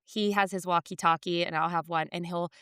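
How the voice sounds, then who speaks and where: Brisk and clear, her lowish voice has a resonant tone as this woman in her thirties co-hosts a podcast. She chats casually and acts out voices for the quotes in her stories, recorded dry with clean studio sound.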